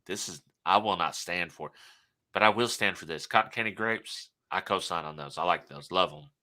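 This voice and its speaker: A man's voice: sits low, brisk, pushed and bright. A man co-hosting a podcast, talking bluntly and with strong opinions in casual chat. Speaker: podcast co-host.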